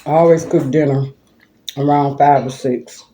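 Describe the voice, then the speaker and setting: A woman's voice: low-pitched, fairly even intonation, normal speed, warm tone, a little hiss or hum. An older woman, a grandmother, chatting and rambling through a story while eating lunch at home for her vlog, recorded on a phone. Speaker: vlogger. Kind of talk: casual mukbang storytelling.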